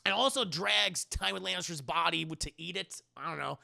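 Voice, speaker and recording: Streamer, male, high-pitched and very gravelly, a profane and chatty film reviewer. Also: normal speed, sharp tone. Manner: profane, chatty, talks to chat. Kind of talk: casual live-stream commentary.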